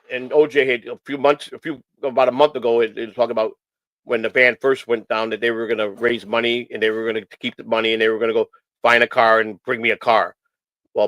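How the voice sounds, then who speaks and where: A man talks on a casual morning stream, circling back and restarting his sentences again and again. His voice sits at an ordinary middle pitch, and the sound is dry and close. He comes across as earnest and emotional. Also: a bit bright, no room sound, rough recording. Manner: rambling, repeats phrases, many restarts. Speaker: host of a morning stream show. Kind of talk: casual rambling talk.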